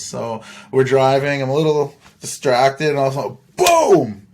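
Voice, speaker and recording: A man's voice: mid-range voice, animated, normal speed, few pauses. A young man from Saskatchewan, Canada, hosting a podcast and rambling through a story with frequent laughs and swearing. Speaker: podcast host. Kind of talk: casual storytelling.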